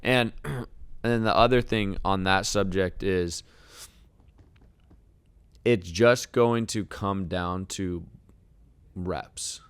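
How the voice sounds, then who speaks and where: A man hosting a casual sales coaching talk, relaxed and encouraging, laying out his advice point by point. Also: low-pitched, slow pace, pauses often, clean tone, no echo. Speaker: sales trainer and host.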